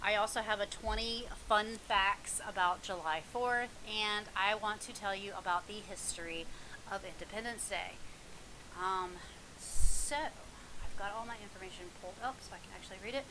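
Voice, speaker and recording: A vlogger sits alone in her house recording a mukbang vlog, the mic right in front of her as she rambles casually with frequent ums and light laughter. Her voice is mid-range and moderately paced, and there's background noise.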